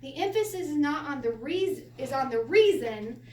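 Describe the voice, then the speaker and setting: A woman teaching a Hebrew lesson to a class, animated and quick to laugh as she acts out quotes. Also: high voice. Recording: echoey room from a distance, faint hiss.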